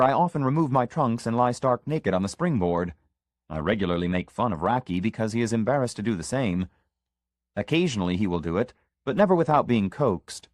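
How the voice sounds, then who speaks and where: A man narrating a literary short story in the first person, measured and reflective. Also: fairly low pitch, no echo, clean studio sound. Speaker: audiobook narrator.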